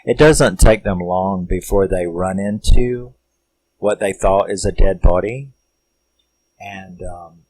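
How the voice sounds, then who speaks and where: A man's voice: low-pitched, darkish tone, poor audio. A man casually recapping a horror movie, rambling and swearing as he tells the story. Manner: rambling, profane, laid-back storytelling. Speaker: film reviewer.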